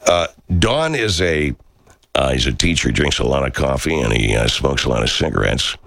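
Gravelly, very deep-voiced middle-aged man. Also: moderate pace, no echo, clean studio sound. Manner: rambling, profane and animated. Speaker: radio talk show host. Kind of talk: casual live chat answering viewer comments.

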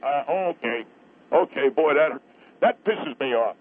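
A man's voice: on the high side, expressive, measured pace, breathy edge. A man calling in to a radio show, defensive and stammering. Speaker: caller. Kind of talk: call-in conversation. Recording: tinny phone line.

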